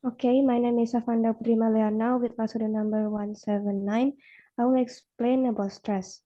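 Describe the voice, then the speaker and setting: A young Indonesian-accented woman presenting on word stress for a class, slowing down to model stressed words. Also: a little high, dark tone. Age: young adult. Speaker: student presenter. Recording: muffled lo-fi recording.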